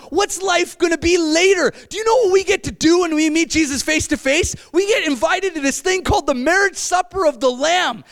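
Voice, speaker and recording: A middle-aged man preaching at a camp meeting, animated, shifting between loud exclamations and low, intense stretches. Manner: acts out quoted voices. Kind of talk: sermon.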